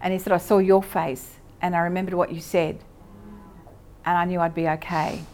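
Speaking in a lowish, flat voice at a moderate pace, a little mellow, an Australian woman gives sermon teaching at a church session. Her style is casual, with fillers and moments where she corrects herself.

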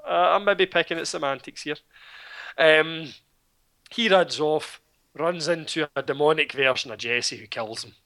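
Scottish male podcaster with a crisp, bright voice; wry, profane storyteller. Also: on the high side, measured pace. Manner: sardonic, swearing, animated storytelling. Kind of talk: casual film recap chat.

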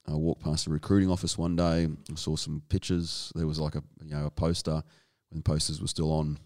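An Australian man as a guest in a casual interview, talking in halting bursts full of restarts and casual swearing. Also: very deep voice, little pitch movement, dark tone. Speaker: guest, strength and conditioning coach.

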